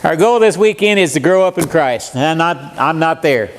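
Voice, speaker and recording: An older man in his seventies preaches a seminar lesson in a church. His voice sits high for a man, and he talks in a folksy, joking way, throwing questions out to the listeners. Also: animated, normal speed. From USA. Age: 70s. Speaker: guest preacher. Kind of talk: seminar sermon. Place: church meeting room.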